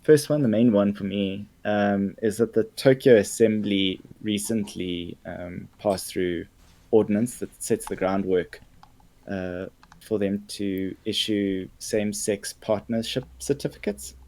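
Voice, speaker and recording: Man, low voice, lots of ums, casual podcast news. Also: steady tone, a little slow. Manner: hesitant with many ums, warming up to enthusiasm. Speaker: podcast co-host.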